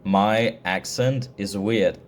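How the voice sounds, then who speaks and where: A young Danish man speaks English with a mixed British-Australian accent, his voice sitting a little low. He talks at an unhurried, slow pace, rambling and restarting his sentences as he chats to camera. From Denmark. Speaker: vlogger. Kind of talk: casual monologue to camera.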